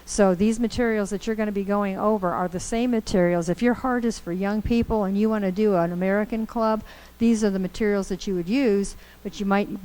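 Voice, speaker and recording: A woman leads a training session in a meeting room, talking in a lively, conversational way. Her voice sits at an ordinary middle pitch for a woman. She tells stories to make her points. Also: poor audio. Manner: conversational, upbeat, storytelling with acted quotes. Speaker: course trainer. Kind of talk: training lecture to a group.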